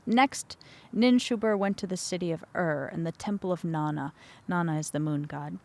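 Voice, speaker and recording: A woman's voice: on the low side, normal speed, creaky. A woman podcast host reading an old myth aloud and breaking off for chatty asides, correcting her own slips as she goes.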